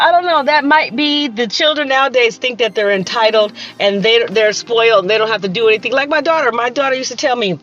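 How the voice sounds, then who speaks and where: A woman in her fifties telling stories in a casual monologue, animated and sassy, acting out the people she quotes. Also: on the high side. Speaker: vlogger.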